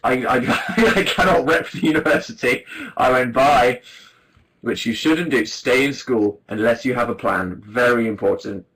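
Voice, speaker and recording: A man's voice: mid-range voice, moderate pace, a bit bright, low-quality recording. Young guy rambling on his livestream, laughs a lot, jokes at himself, webcam mic. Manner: rambling, self-deprecating, laughs often. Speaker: livestream host. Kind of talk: casual chat to viewers.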